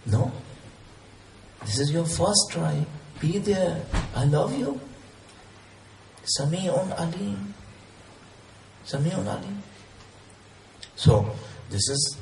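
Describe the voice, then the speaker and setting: A man's voice: high voice, a little mellow, a little hiss or hum. A man whose first language is Urdu, preaching a sermon in English with earnest, repeated, rising emphatic questions. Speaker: Islamic preacher. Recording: roomy echo, distant mic, faint ambience.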